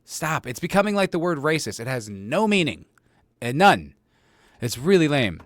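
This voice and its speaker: Recording at home on a close desk mic, a podcast host delivers casual, sarcastic solo commentary, rambling, cursing, and cracking himself up. He speaks at a moderate pace in a very animated voice on the high side, with no echo.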